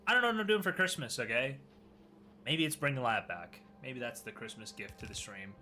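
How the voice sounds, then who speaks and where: A man's voice: mid-range voice, animated, fairly quick, bright, forceful tone, faint music behind. A man hosting a live stream, chatting casually and teasing his co-host and viewers. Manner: teasing, joking, talks to chat.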